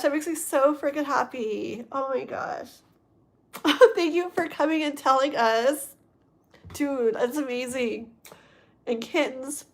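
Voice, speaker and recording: A woman giving a livestream tarot reading, rambling and often checking in with her listeners. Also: sits high. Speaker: tarot reader.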